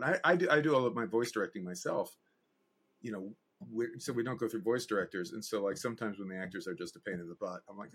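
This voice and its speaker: A man's voice: on the low side, fast talker, husky. A man, a guest animator and director, telling stories in a casual interview and acting out the voices of the people he quotes. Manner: animated anecdote teller, acts out quoted voices.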